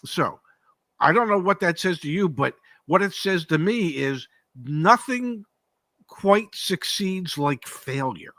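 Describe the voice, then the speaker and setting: A man's voice: high-pitched, lively intonation, slow pace, fairly bright tone, dry recording. A man co-hosting a casual car-market talk, emphatic, asking rhetorical questions and repeating words. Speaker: co-host, former car dealership operator. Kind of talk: casual podcast chat.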